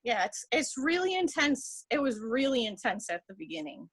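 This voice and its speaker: A woman's voice: fairly high pitch, sing-song, normal speed, breathy edge. A woman giving a heartfelt testimonial in a casual interview, rambling and restarting her sentences. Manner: emotional, rambling, restarts a lot.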